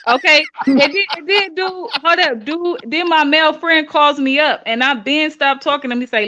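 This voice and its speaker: A woman calling in to share a personal testimony, telling her story in a rambling, animated way. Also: high voice, normal speed, few pauses, dull audio. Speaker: caller. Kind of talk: call-in testimony.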